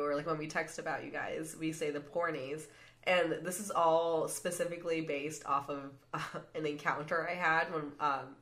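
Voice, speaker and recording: A woman's voice: low-pitched, fairly bright tone. A woman co-hosting a podcast interview in casual chat, talking with lots of fillers and frequent laughter. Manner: chatty, laughs often, many fillers. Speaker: podcast co-host.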